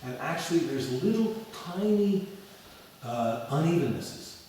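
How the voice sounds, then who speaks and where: A man teaching piano in a lecture and demo lesson before an audience, talking in an animated way and singing phrases as da da da. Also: on the high side, a little slow, slight background noise. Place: large echoey hall with an audience. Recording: echoey hall from far off. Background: piano playing.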